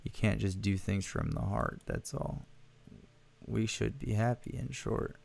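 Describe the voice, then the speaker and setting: A man's voice: on the low side, very animated, measured pace, creaky, darkish tone, slightly rough, exaggerated voice. A man voicing a pushy, upbeat male visitor in a horror game, brash and slightly mocking.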